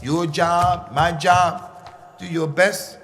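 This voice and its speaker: A man teaching a religious workshop for young people, animated and repeating phrases for emphasis, with Arabic recitation mixed in. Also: high voice, slow. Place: mosque.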